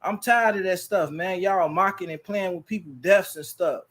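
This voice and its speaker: A man's voice: sits high, moderate pace, a bit bright. A man hosting his livestream, talking casually and preachily and repeating his phrases, into a laptop mic. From Chicago. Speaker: livestream host.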